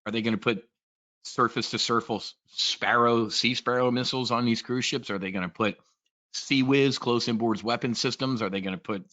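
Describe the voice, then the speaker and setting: A man's voice: mid-range voice, steady tone, normal speed, sharp tone, dull audio. A man giving a casual, blunt and profane trade briefing, talking in a rambling way as a trading educator.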